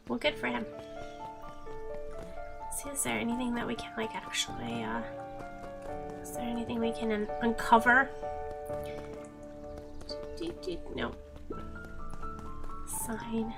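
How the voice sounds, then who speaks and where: A woman's voice: fairly high pitch, low-quality recording. A woman streamer giving playful, giggly commentary while playing a story game. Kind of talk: casual gameplay commentary.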